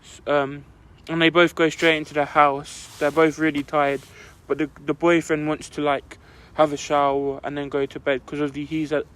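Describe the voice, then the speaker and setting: A man's voice: on the high side, level tone, moderate pace, hardly any pauses, fairly bright tone, clean tone. A young man, co-hosting a podcast and telling a long story in casual chat, rambling and filling his talk with "like". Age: young adult. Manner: rambling, fills with "like" constantly. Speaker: podcast co-host.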